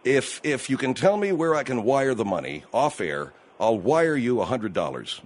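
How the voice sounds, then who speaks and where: A man's voice: medium pitch, big pitch swings, normal speed, slight background noise. Radio host guy grilling a caller, skeptical, voice moves around a lot. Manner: pressing, skeptical, questioning. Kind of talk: call-in radio talk.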